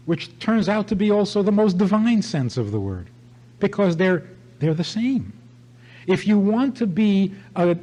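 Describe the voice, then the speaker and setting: A man's voice: high voice, mellow, low-quality recording. An older man, a rabbi, giving an emphatic sermon-style talk and telling a story with repeated phrases.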